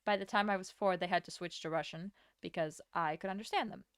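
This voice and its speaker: A young woman from Latvia, a streamer chatting casually with her chat while she draws, rambling and answering with quick laughs. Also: fairly low pitch, clean tone, dry recording, clean studio sound. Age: young adult.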